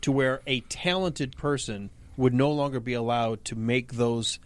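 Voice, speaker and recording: A man co-hosting a podcast, an animated storyteller in casual chat. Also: medium pitch, measured pace, smooth. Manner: animated storyteller, slips into voices. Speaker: podcast co-host.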